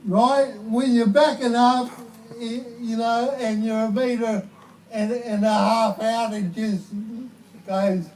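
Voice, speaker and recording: An Australian man performing live stand-up comedy at an outdoor concert, with slow, deliberate delivery that breaks into shouted punchlines. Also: extremely high pitch, steady tone, a little hiss or hum. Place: outdoor protest concert stage. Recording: distant live concert mic with crowd laughter.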